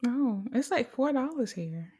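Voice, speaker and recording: A high-pitched woman in casual podcast chat, animated and profane, jumping across a wide range of pitch as she acts out what people say. Her talk is quick to mimic others in funny voices. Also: slightly rough.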